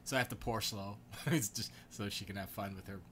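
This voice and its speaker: A man hosting his own podcast, chatting casually and rambling in a slangy, animated storytelling way. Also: lowish voice, fairly quick, a little hiss or hum. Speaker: podcast host.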